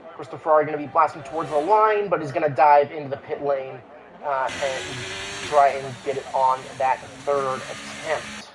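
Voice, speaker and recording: A man's voice: fairly high pitch, fairly even intonation, normal speed, background noise. A man giving live commentary on an online sim racing qualifying session, with frequent "uh" fillers and restarts. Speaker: race commentator.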